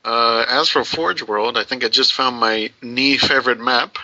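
A man's voice: mid-range voice, moderate pace, sharp tone, no echo. A man co-hosting a podcast, reading listener posts aloud in a playful, jokey way. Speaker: podcast co-host. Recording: muffled lo-fi audio.

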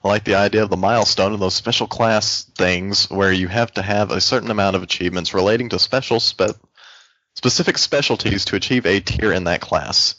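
A man's voice: on the low side, fairly quick, bright, forceful tone, no room sound, lo-fi sound. A man co-hosting a casual gaming podcast, joking and laughing as he reads out a listener message. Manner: joking, laughs often, playful. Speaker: podcast co-host reading listener mail. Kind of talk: casual group podcast chat.

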